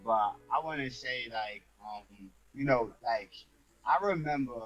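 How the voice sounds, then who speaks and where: Mid-pitched man, unhurried talk. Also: a bit bright, highs cut off, soft background music. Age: younger than the other speakers. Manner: measured, thinks aloud with many fillers. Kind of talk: casual discussion.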